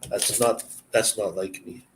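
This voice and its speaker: A man's voice: lowish voice, steady tone, measured pace, noisy background. A man hosting a live stream, chatting casually and rambling from one story to the next with chuckles.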